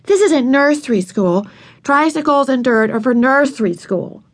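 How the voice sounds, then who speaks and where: Brief: woman voicing impatient kindergarten girl for a storybook, high, loud, excitable. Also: moderate pace. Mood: eager, scornful. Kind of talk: audiobook character voice.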